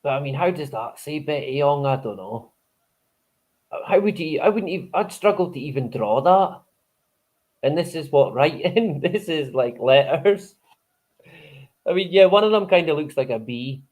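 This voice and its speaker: A man's voice: fairly high pitch, animated, moderate pace, darkish tone. A man hosting a live stream in casual chat, rambling, swearing freely and chuckling often.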